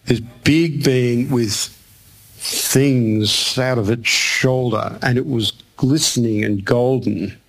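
A man's voice: medium pitch, steady tone, takes it slowly, creaky. A man preaching a sermon to a room, telling a personal story and acting out the other people's lines. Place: church hall with audience.

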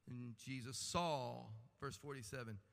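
A man preaching a sermon with animated delivery and humorous asides. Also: medium pitch, unhurried, creaky. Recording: long hall reverb.

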